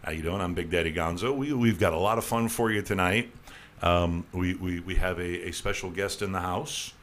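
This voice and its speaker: Rambling talk show host, low voice. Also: male voice, normal speed, a bit bright. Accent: New York. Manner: rambling, lots of restarts and fillers, jokey asides. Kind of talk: casual radio talk show chat.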